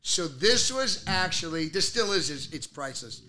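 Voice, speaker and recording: High, bright-voiced New actor storyteller. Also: male voice, sing-song, moderate pace, slight background noise. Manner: loud, playful, slips into mock Italian and old-man shouting. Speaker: podcast guest, actor. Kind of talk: animated storytelling chat. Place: podcast studio.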